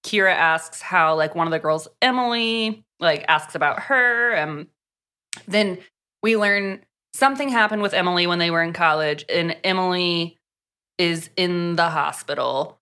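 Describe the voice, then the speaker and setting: A woman's voice: lowish voice, measured pace, clear, resonant tone. A young adult woman co-hosting a podcast, reviewing a book in casual chat and acting out lines from the story. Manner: animated, acts out lines from stories. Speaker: podcast co-host.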